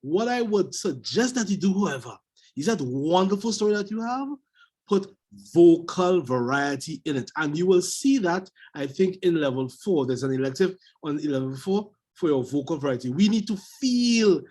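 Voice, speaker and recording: A man's voice: fairly high pitch, animated, normal speed, a little mellow, slightly rough. A man on a video call giving emphatic coaching feedback on a speech, repeating his points. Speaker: speech evaluator.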